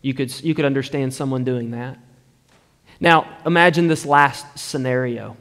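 A man preaching a sermon, slow and deliberate, often dropping to a hushed tone for emphasis. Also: medium pitch, in a large hall.

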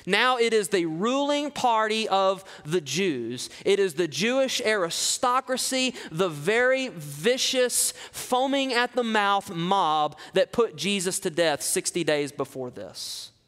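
A man preaching an expository sermon, reading scripture dramatically and dropping low for asides. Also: expressive, takes it slowly, hardly any pauses, a bit bright, in a large hall. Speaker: pastor.

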